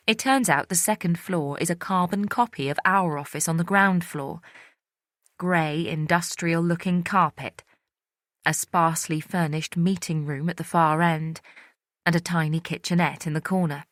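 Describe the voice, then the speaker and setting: Low-voiced woman narrating an audiobook. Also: steady tone, normal speed, fairly bright tone, no echo, clean studio sound. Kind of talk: first-person audiobook narration.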